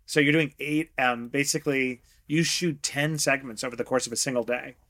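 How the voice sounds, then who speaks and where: A middle-aged man, a guest investor, chatting in an interview, telling lively stories and acting out quotes with frequent laughs. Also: mid-range voice, fairly quick. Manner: animated storyteller, acts out quotes, laughs often. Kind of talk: casual interview chat.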